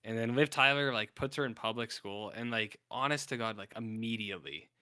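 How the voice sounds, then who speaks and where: A man on a casual podcast with a bright, sharp-edged voice and a medium pitch. He rambles through a film recap, strings "like" through his sentences and slips into little acted-out bits. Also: a little fast, clean tone. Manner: rambling, heavy on "like", acts out scenes while recapping a film. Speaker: podcast co-host.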